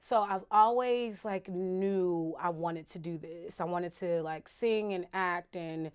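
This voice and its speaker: A woman's voice: lowish voice, takes it slowly, smooth. A woman from Virginia with a shifting Southern accent, telling stories as a guest in a casual interview, acting out quotes with laughter. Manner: animated storytelling with voiced quotes and laughter. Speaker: actress guest.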